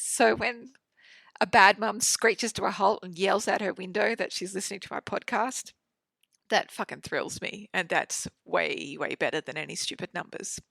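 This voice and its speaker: Effusive woman host in her 30s, gravelly edges, dry studio sound. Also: mid-range voice, a bit bright, no room sound. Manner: chatty, sweary and effusive. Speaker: podcast host. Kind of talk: casual solo podcast monologue. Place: home studio.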